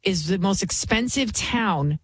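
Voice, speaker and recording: A woman's voice: medium pitch, expressive, unhurried, slightly rough, no room sound, low-quality recording. A woman filling in as a talk radio host, delivering a blunt, emphatic opinion monologue at a studio mic. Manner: blunt, emphatic, breaks into mocking voices.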